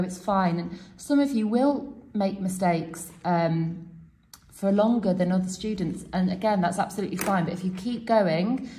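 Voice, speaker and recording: A woman's voice: medium pitch, dark tone, slight background noise. A woman teacher showing students a self-quiz method step by step and cheering them on. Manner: encouraging, explains step by step. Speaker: French teacher. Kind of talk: classroom demonstration.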